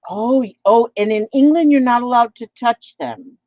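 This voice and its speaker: A woman's voice: a little high, lively intonation, moderate pace, dark tone, dry recording. A woman from Minnesota with a Midwestern American accent, chatting in a rambling, playful way while she crafts and reads out viewer comments. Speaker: craft vlogger. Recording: dull lo-fi home recording.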